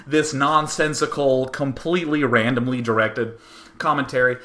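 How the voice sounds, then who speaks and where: Bright-voiced young man telling a story. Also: fairly quick. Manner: animated, acts out others' words with big jumps in pitch and volume. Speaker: show host. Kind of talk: casual storytelling to a live stream audience.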